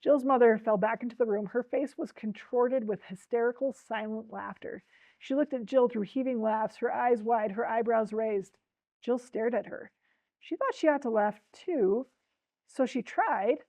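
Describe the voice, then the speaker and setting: A woman's voice: a little high, unhurried, warm tone, no echo, dull audio. A woman presenting a book talk, reading a storybook aloud with expression and speaking directly to her listeners. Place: library talk.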